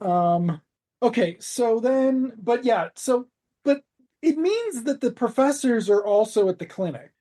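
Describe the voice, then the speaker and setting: A man's voice: sits high, expressive, measured pace, dark tone. A man co-hosting a podcast, recapping scenes in a rambling, sarcastic way, with swearing and trailing asides. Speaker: podcast co-host. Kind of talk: casual podcast chat.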